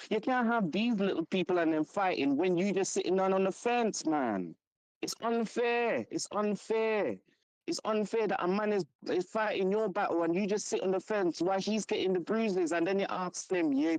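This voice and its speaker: A woman's voice: medium pitch, darkish tone, dry recording, poor audio. A woman from Trinidad with a Trinidadian-English accent, calling in to give a fervent, preachy, rallying opinion. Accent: Trinidadian with English mix. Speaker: caller. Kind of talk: call-in opinion.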